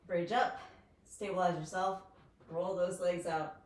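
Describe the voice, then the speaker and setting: A woman's voice: fairly low pitch, steady tone, a little slow, darkish tone. A woman leading a home workout, counting down each set and cheering viewers on. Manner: counts down reps, upbeat and encouraging. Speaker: fitness instructor. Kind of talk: guided workout instruction. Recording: echoey room, distant mic, faint noise.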